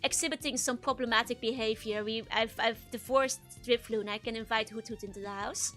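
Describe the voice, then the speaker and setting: A woman's voice: fairly high pitch, wildly swooping pitch, brisk, a bit bright, soft background music. A woman streamer in casual live-stream chat, answering viewer messages while she plays.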